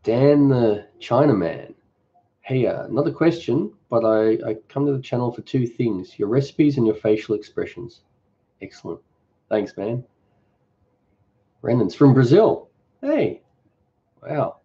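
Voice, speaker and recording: A man's voice: medium pitch, expressive, unhurried, long pauses, dark tone, dull audio. A man hosting a cooking channel's live Q&A. He reads viewer comments aloud and answers them in an easygoing, off-the-cuff way. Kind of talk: casual live-stream Q&A.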